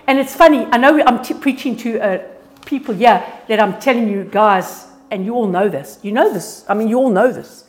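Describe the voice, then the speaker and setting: A woman's voice: a little high, moderate pace. Earnest woman giving a church testimony. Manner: lively, earnest, often restarts words. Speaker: speaker sharing a testimony. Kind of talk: informal church sermon with slides. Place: church gathering.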